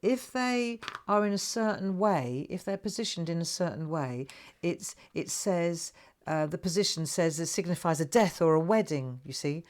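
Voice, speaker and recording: A woman's voice: lowish voice, lively intonation, normal speed, darkish tone. A woman in her sixties with a South London accent, chatting and laughing as host of a live craft stream, often tagging her sentences with "right?". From England. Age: 60s. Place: home craft room.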